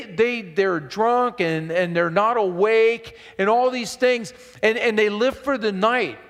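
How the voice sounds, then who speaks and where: A middle-aged male pastor preaching a sermon, emphatic and animated, with asides to his congregation. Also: high voice. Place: church sanctuary. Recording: long hall reverb in a church.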